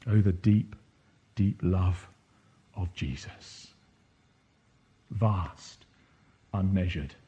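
Low husky guy preaching, thoughtful, gets fired up now and then. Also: drawn-out words, pauses often, warm tone. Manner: reflective, rising to impassioned bursts. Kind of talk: sermon.

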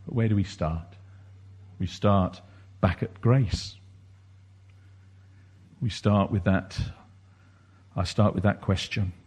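A man's voice: lowish voice, fairly even intonation, slow pace, long pauses, a little mellow, slightly rough. A man preaching a sermon, reflective and questioning, rising at times into impassioned bursts.

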